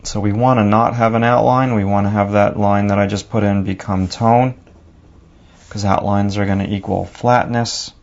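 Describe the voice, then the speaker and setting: A man's voice: fairly low pitch, steady tone, normal speed, lo-fi sound. A man with a New York accent narrating a drawing lesson, talking casually and thinking aloud as he works. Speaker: drawing teacher.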